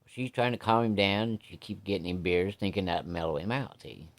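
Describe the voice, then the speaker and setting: A man's voice: low voice, a little fast. A man telling a story in a folksy, casual way, cussing freely and talking straight to his listeners.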